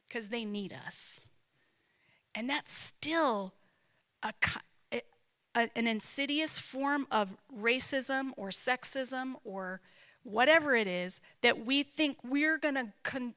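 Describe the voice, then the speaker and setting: Her voice sits a little high with a sharp edge. This woman, an author and speaker not from the American South, teaches in a conversational, reflective way, stressing points emphatically and asking herself questions out loud.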